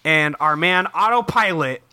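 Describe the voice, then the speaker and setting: A man co-hosting a casual podcast chat, recapping a cartoon and acting out the characters' lines in quick put-on voices, swearing freely. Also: a little high, expressive, pushed and bright, clear, resonant tone, dry recording. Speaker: podcast co-host.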